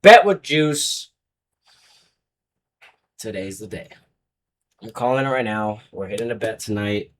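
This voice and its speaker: A man's voice: on the low side, expressive, measured pace, pauses often, distant mic. A man hosting a sports betting show, running through his picks in a hyped, rambling, jokey way. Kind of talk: casual betting picks talk.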